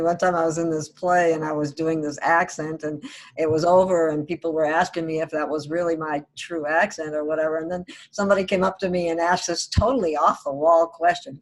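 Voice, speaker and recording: A woman's voice: lowish voice, a little fast, rough recording. A woman hosting a casual podcast who reads out listener questions and laughs easily. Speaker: podcast host.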